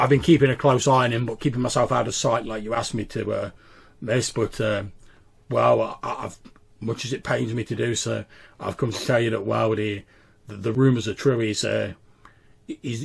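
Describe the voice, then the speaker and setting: A man voicing a gruff, muscular servant who stammers deferentially before his mistress. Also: medium pitch.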